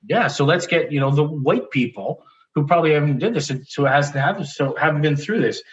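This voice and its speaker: A man being interviewed, telling a personal story in a candid, animated way, often restarting sentences and laughing as he talks. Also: fairly high pitch, fairly quick, muffled recording. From Canada. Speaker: interview guest.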